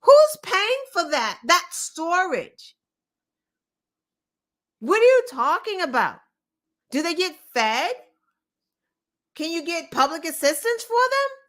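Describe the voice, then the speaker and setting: A woman's voice: very high-pitched, big pitch swings, takes it slowly, long pauses, a bit bright. A woman hosting a show, giving opinionated political commentary in an impassioned, profane way, firing off rhetorical questions. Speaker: show host.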